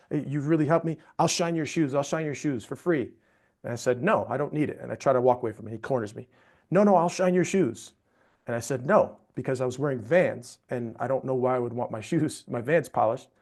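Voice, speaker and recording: A man, a storytelling expert, telling an anecdote as a podcast guest in a lively, conversational way. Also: mid-range voice. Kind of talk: animated storytelling in a podcast interview.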